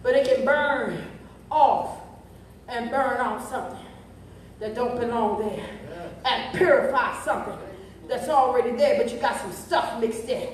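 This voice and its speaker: A woman pastor with a high, ringing voice preaches a sermon. She falls into a rhythmic, half-sung cadence and tags almost every line with a questioning "huh?". The recording is heavily echoey, as if caught from far back in the sanctuary. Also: measured pace, slight background noise. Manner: chanting, half-sung cadence when climaxing. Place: church.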